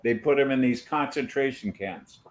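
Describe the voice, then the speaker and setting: Male podcast host, opinionated rambler, chewing gum, casual talk, middle pitch. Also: moderate pace. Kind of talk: casual banter.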